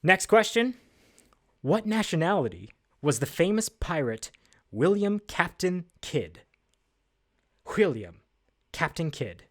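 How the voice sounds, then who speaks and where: A man's voice: sits high, big pitch swings, a little slow, fairly bright tone. Chatty man hosting a livestream trivia. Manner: chatty, upbeat, self-deprecating, with frequent fillers. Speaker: livestream host. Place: at a desk indoors.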